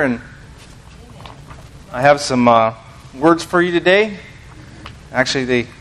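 A man's voice: mid-range voice, a bit bright. An American man giving an informal sermon to a small congregation, rambling and self-deprecating, full of fillers and restarts. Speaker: lay preacher.

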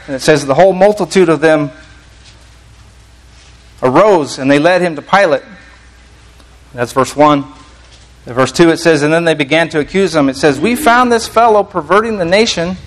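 Male preacher, somewhat high voice; conversational sermon, reads scripture and unpacks it casually. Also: low-quality recording. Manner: reads scripture aloud, frequent restarts, conversational asides. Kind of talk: sermon teaching.

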